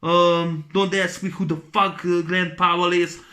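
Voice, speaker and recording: Profane, rambling, high-voiced man ranting. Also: flat delivery, a little slow, sharp tone. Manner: rambling, profane, many fillers and restarts. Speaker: movie reviewer. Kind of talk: profane movie rant.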